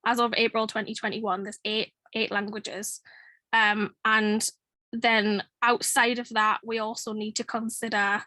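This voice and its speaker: A woman's voice: a little high, little pitch movement, a little slow, pushed and bright, dry recording. A woman giving a conversational presentation over a video call, using filler words. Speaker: conference speaker. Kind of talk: presentation talk.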